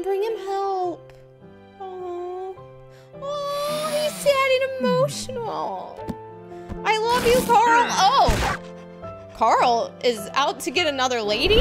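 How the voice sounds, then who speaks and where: A high-voiced woman with a bouncy, animated delivery reacts to video clips, gasping and exclaiming as she goes. She talks at an unhurried pace. Loud music from the clips plays under her voice. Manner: exclamatory, gasping, easily moved. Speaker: video host.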